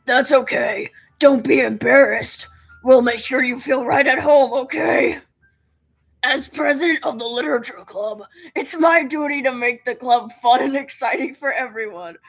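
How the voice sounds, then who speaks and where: A woman's voice: sits high, moderate pace, vocal fry. A woman voicing a confident, friendly teenage club president as she reads a visual novel aloud, upbeat, encouraging and talkative.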